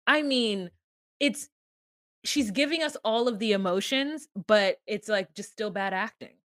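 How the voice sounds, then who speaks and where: A woman's voice: medium pitch, a little slow, a bit bright, dry recording, studio quality. A woman co-hosting a podcast, casually recapping a reality show with sarcastic, profane commentary and acted-out quotes. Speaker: podcast co-host.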